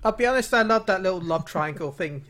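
A man's voice: high-pitched, expressive, fast, fairly bright tone. A man co-hosting a podcast, joking around in easy casual chat. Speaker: podcast co-host.

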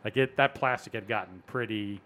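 A man, probably in his thirties, hosting a casual podcast and telling a story with animated delivery, acting out other people's lines. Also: fairly low pitch, a little fast, a little hiss or hum. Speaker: podcast host. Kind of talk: casual chat.

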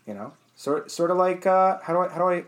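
A man's voice: high-pitched, lively intonation, quick pace. A man co-hosting a podcast in casual comedic chat, rambling and swearing as he riffs. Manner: rambling, profane, self-deprecating. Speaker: podcast co-host.

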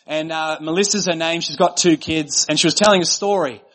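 A male pastor delivering a sermon in an earnest, conversational way, stacking up short repeated phrases as he builds each point. His speaking voice sits a little higher than most men's. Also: fairly even intonation, a little fast, fairly bright tone.

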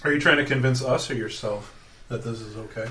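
A man's voice: mid-range voice, fairly quick, sharp tone, echoey room, distant mic. A man playing a tabletop game, asking wry, teasing questions. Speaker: player. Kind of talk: casual tabletop game play.

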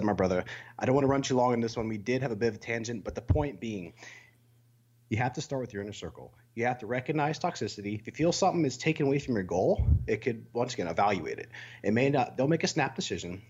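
Male co-host, emphatic and motivational, husky voice, dull lo-fi recording. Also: medium pitch, animated, fast, a little mellow. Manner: preachy, emphatic, swears. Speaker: podcast co-host. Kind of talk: motivational podcast talk.

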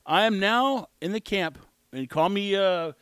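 A man's voice: sits high, measured pace, fairly bright tone, clear, resonant tone, dry recording. A man hosting his own show, rambling through an opinionated casual monologue. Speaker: podcast host.

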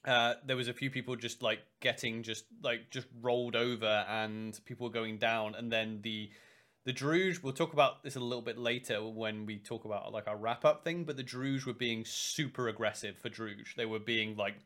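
A young man co-hosting a casual podcast, telling stories in an animated way and acting out the lines he quotes. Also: mid-range voice, normal speed. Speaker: podcast co-host.

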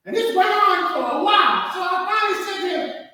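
Male pastor, animated storytelling preacher, lively high voice, mic far off in a booming church. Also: a little fast. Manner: animated preaching with personal stories and repetition. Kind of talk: evening church sermon. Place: church sanctuary. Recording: echoey hall, distant mic.

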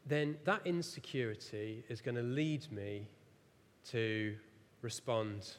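Slow and mid-range in voice, a man in his thirties preaches a sermon in a church hall with echoey reverb. Animated and self-mocking, he tells a story against himself and laughs frequently at his own failings.

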